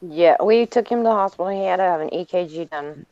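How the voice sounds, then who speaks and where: A woman's voice: lowish voice, fast, mellow, no room sound. A woman giving plain, matter-of-fact updates in casual chat on a stream. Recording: muffled lo-fi stream audio.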